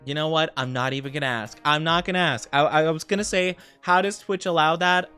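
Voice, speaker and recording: A man's voice: a little high, brisk, pushed and bright, smooth, faint music behind. A bubbly, giggly young man chatting casually with his live-stream audience. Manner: bubbly and giggly, talking straight to chat.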